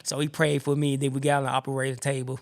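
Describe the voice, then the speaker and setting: Gravelly man telling his testimony. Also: mid-range voice, fast talker. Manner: animated storyteller acting out the people he quotes. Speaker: podcast host telling his own story. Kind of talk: personal faith testimony.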